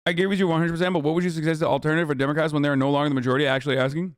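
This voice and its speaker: A man with a slightly high voice fires off words rapidly in a steady tone, recorded dry with clean studio sound. Reacting to the news, he rants angrily to his stream chat about politics, heated, sarcastic and full of swearing.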